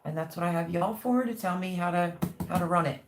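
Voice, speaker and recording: A woman hosting a casual livestream, chatting and reading viewer comments aloud with warm, gushing thanks. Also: on the low side, a little fast, noisy background. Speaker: livestream host.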